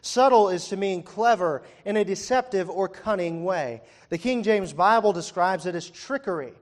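A man's voice: high-pitched, normal speed. A young man preaching a sermon, chatty and conversational, asking the congregation questions with wry asides. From Virginia. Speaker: pastor. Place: church hall before a congregation.

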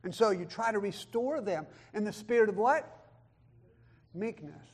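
A man preaching a sermon, emphatic, swinging from loud declarations to hushed asides and reading scripture in old-style wording. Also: sits high, expressive, a little slow. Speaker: pastor.

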